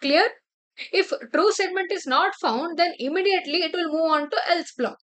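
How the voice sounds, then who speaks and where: A woman with a high voice walks through a coding tutorial one step at a time. She talks at a desk mic and keeps checking that her listeners follow along. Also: normal speed, fairly bright tone, a little hiss or hum. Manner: explains step by step, often checks with "right?" and "clear?". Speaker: programming teacher. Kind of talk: screen-share coding tutorial.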